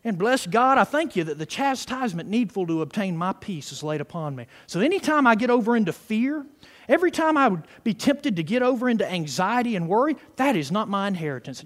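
A man preaching a fervent sermon, peppering his words with hallelujahs and praise God. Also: sits high. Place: church sanctuary. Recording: reverberant hall.

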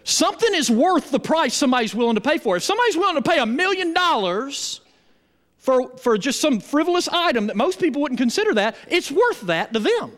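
A man preaching in a church with a strikingly high voice that swoops all over. He works the congregation in call-and-response, emphatic and animated. The sound hangs in a long hall reverb. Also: a little fast. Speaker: pastor. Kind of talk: sermon.

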